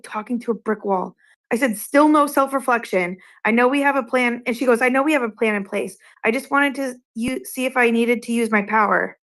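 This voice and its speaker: A woman from Massachusetts with a fairly high voice tells a story in casual chat. She retells an online game argument line by line, quoting both sides and swearing freely. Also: a bit bright.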